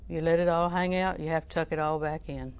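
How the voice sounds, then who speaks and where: A woman's voice: low voice, steady tone, a little fast, a little mellow, smooth. A woman preaching a sermon, telling a story and quoting scripture, asking the listeners questions as she goes.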